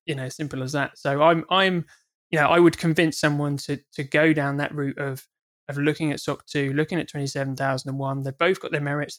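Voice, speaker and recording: Guy talking quick in a podcast chat, kinda high voice, stumbles and repeats words a lot. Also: a bit bright. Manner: earnest, repeats words when starting sentences. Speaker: guest, former auditor. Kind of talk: casual podcast discussion.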